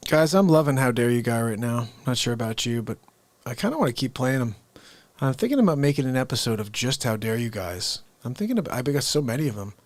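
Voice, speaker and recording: A man hosts a live comedy stream, tossing off quick, casual asides to viewers in a mid-pitched voice. He sounds a little distant from the mic. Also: expressive, dry recording. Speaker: comedy show host.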